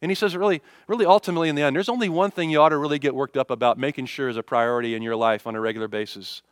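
A man preaching a sermon, asking rhetorical questions and acting out everyday complaints, animated one moment and hushed the next. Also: mid-range voice, very fast, no echo. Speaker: pastor.

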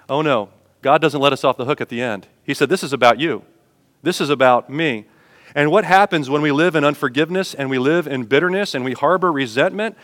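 A man preaching a sermon as pastor in a church, speaking to his congregation in a conversational way and swelling louder on key points. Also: mid-range voice, fast talker, big-room sound.

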